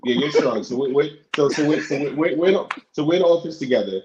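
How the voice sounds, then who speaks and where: A man co-hosting a casual talk show, halting with many restarts. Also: on the high side, lively intonation, highs cut off, background noise. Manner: halting, many restarts, "you know what I'm saying". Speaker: podcast co-host. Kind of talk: casual chat.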